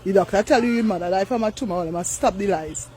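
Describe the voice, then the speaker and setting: A woman's voice: medium pitch, quick pace, noisy background. An older woman, ranting on a live stream, blunt, profane and repetitive. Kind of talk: angry live-stream rant.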